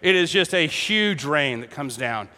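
A man preaching a sermon, telling a story with animated energy, acting out voices and laughing along. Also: on the high side, measured pace, long reverb tail. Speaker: pastor.

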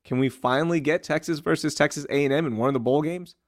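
A young adult man co-hosting a casual sports and lifestyle chat, easygoing and quick to laugh. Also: on the high side, no echo, clean studio sound. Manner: easygoing, laughs often, promotes segments. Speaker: co-host.

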